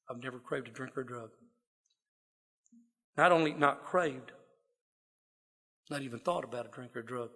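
A man's voice: a little high, fairly bright tone. A man giving a heartfelt, folksy personal testimony to a gathering. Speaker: speaker sharing recovery story. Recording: long reverb of a hall.

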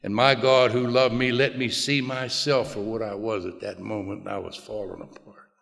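An older man telling a plainspoken personal recovery story to a group, in a folksy way with quiet low asides. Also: level tone, moderate pace, gravelly. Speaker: recovery speaker. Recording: long hall reverb.

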